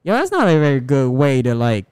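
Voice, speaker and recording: A man's voice: mid-range voice, wildly swooping pitch, a little fast, darkish tone, smooth, no room sound, studio quality. A young man co-hosting a casual podcast, talking in a rambling, profane way with many restarts. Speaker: podcast co-host.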